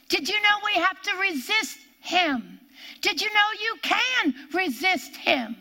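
A woman's voice: extremely high pitch, bright, forceful tone. A woman preaching a sermon, emphatic, repeating key phrases and drawing out her stresses.

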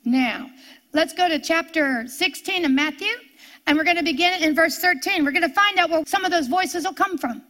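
A woman preaching a sermon with a high, bright, piercing voice. She drives home each point by repeating it, building emphasis as she goes. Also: normal speed.

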